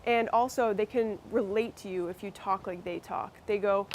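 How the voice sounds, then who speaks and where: A woman with a Massachusetts accent teaches a workshop group in a loose, conversational way, restarting sentences as she goes. Her voice sits at a middling pitch. A faint room noise runs underneath. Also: fairly even intonation, moderate pace, a little mellow. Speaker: workshop presenter. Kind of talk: instructional workshop talk.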